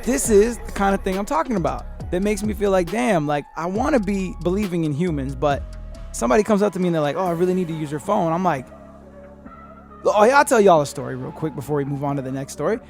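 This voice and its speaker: A man hosting a podcast, telling a story in a rambling, profane, animated way and acting out what people said. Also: high voice, fast talker, vocal fry, faint music behind. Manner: profane, rambling, animated retelling with acted-out quotes. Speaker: podcast host. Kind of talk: casual storytelling.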